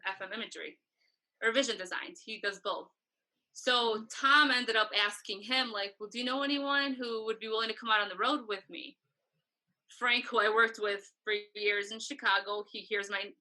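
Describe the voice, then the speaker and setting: Woman podcast guest, bright and forceful tone, chatty storyteller, acts out quoted dialogue. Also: fairly high pitch, poor audio. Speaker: guest, tour photographer. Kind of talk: casual interview storytelling.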